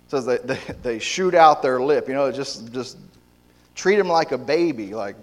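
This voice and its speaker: A man's voice: mid-range voice, animated, moderate pace. A man preaching a sermon in a church hall, emphatic and repetitive, often restarting his sentences.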